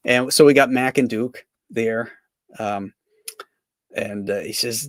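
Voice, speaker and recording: Brief: male cartoonist rambling through anecdotes on a livestream, mid-pitched voice, dry close sound. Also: slow pace, pauses often, dry recording. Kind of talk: casual livestream chat.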